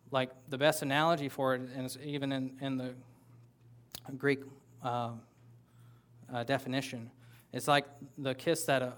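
A man's voice: medium pitch, fairly bright tone. A man preaching a sermon as pastor, talking conversationally with playful asides to the congregation. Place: church sanctuary with a congregation.

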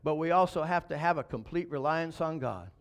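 Male pastor, high voice, emphatic sermon delivery with rhetorical questions. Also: fairly quick.

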